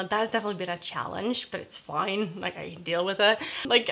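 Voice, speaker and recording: A woman's voice: medium pitch, pushed and bright. A young Norwegian woman talks through a casual vlog with a Norwegian accent. She is chatty and giggly, and she leans on fillers as she answers viewer questions. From Norway. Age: 20s. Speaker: YouTuber.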